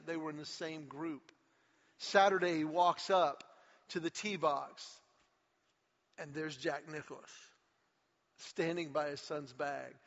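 A male pastor giving a sermon, telling a story with lively acted-out quotes and climbing energy. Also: a little high. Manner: animated storyteller, acts out quotes with rising energy. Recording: muffled hall recording with long reverb.

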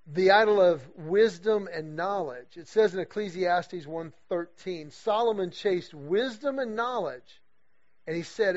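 A middle-aged man preaching to a men's group, his voice sitting high for a man. He tells stories with lively animation and acts out the people he quotes. The recording sounds dull and lo-fi. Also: a little slow. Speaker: guest speaker leading a men's series. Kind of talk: storytelling sermon talk.

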